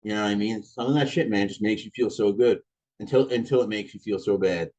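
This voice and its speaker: A male podcast host with a lowish voice asks questions and reacts in a relaxed, blunt manner. He swears casually. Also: fast talker, highs cut off. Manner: laid-back, blunt and profane. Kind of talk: casual interview chat.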